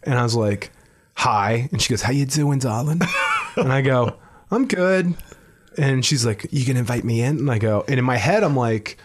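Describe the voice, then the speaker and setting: A man's voice: mid-range voice, a little fast. A man, a comedian, telling a long anecdote on a podcast in a casual, profane, laughing way. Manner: laid-back, profane, laughing storyteller. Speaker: comedian, guest.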